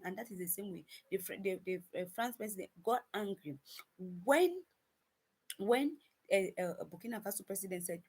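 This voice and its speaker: A husky, slightly mellow mid-range voice belongs to a woman speaking at normal speed in casual commentary to viewers. She calls them "guys," hammers her points through repetition, and frequently restarts or stumbles over sentences.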